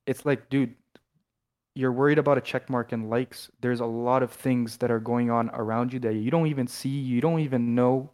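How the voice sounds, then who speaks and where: A man's voice: medium pitch, darkish tone. A young man from Canada, co-hosting a podcast in casual chat, rambling and swearing with lots of restarts. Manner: rambling, loose, swears a lot, many restarts. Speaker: podcast co-host.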